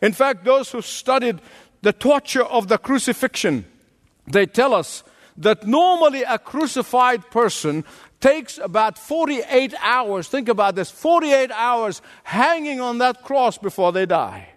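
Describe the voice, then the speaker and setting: High-voiced slow preaching man in a hall. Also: lively intonation. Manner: emphatic, deliberate preaching with repeated phrases. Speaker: pastor. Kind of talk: sermon.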